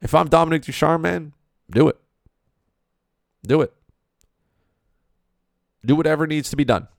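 Man, sports-talk ranter, gravelly voice, dry close mic, emphatic and repetitive. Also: a little high, a little slow, no room sound. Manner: emphatic, repeats points, rhetorical questions. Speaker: hockey commentator. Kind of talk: opinionated sports talk monologue.

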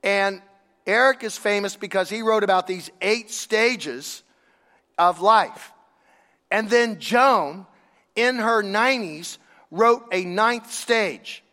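A man preaches in a loose, conversational way, pressing his points with emphasis and rhetorical questions. His voice sits fairly high for a man. The sound rings with the long reverb of a large hall. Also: slow pace, pushed and bright. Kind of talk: sermon.

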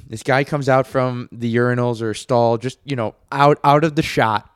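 Male podcast co-host, mid-pitched, laid-back storyteller, dry close sound. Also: fairly even intonation, measured pace, clear, resonant tone, no echo. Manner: laid-back storyteller, agrees often, acts out loud quotes. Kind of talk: casual chat.

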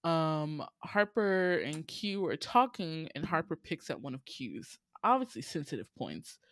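Woman, casual movie recap, animated, swears, laughs a lot, lowish voice, dry close sound. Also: measured pace, no echo. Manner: animated, laughs often, profane.

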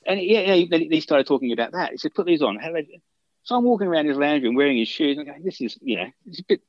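A man's voice: fairly high pitch, lively intonation, fast talker, dry recording, dull audio. A man, a guitarist, telling long casual anecdotes in an interview, full of restarts and fillers. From Australia. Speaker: guitarist guest.

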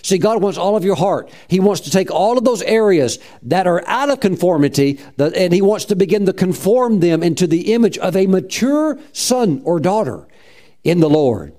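Delivering a sermon with fervent conviction, a middle-aged male pastor speaks in a mellow, warm, sing-song voice pitched a little high for a man, at a moderate pace. He punctuates his points with "praise God" and acts out the voices he quotes.

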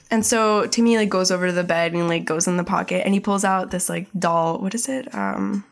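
A woman's voice: fairly low pitch, a little fast, vocal fry, hardly any pauses. A young woman co-hosting a podcast, recapping an episode in a chatty, profane way full of fillers. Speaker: podcast co-host.

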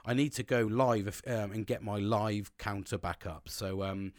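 A man's voice: fairly low pitch, steady tone, moderate pace, a little mellow, no room sound. Rambling, candid man, dry sound. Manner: rambling and candid, heavy swearing, many restarts. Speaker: podcast host. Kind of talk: casual solo podcast monologue. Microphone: own podcast microphone.

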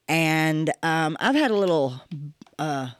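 A woman's voice: sits low, expressive, takes it slowly, clean tone, dry recording. A woman in her forties hosting a personal podcast monologue, speaking candidly and emphatically with casual swearing. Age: 40s. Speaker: podcast host.

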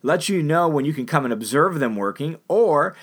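A man's voice: a little high, animated, moderate pace. Chatty, emphatic male preacher. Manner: chatty and emphatic, with frequent "you know" and "right?". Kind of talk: conversational sermon.

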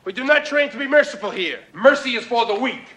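A merciless, stern karate sensei. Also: male voice, very high-pitched, lively intonation, fast, pushed and bright, exaggerated voice, rough recording. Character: harsh male karate sensei, cold and merciless. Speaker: film clip played on a podcast.

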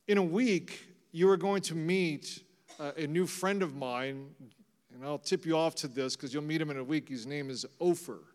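A middle-aged man preaches to his congregation in a fairly high voice, swinging from ringing proclamation down to hushed intimacy. His sermon carries a long reverb from the sanctuary. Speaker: pastor. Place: church sanctuary.

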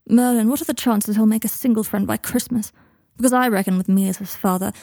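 Woman reading a clipped bitter wizard dad, mellow dry storybook sound. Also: medium pitch, vocal fry, no echo. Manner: strained and clipped. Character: bitter, clipped, proud adult wizard father.

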